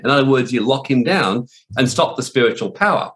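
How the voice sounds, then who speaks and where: A man gives a loose, informal teaching with blunt wording and frequent swearing. He rambles and restarts his sentences as he goes. His voice sits at an average pitch for a man. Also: expressive, a little fast, hardly any pauses, a bit bright. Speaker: spiritual warfare teacher. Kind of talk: informal preaching talk.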